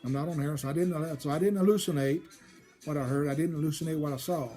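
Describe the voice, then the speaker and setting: A man's voice: on the high side, fast, mellow, soft background music. A man telling a personal story from his childhood, rambling and often repeating and restarting his phrases. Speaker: storyteller host.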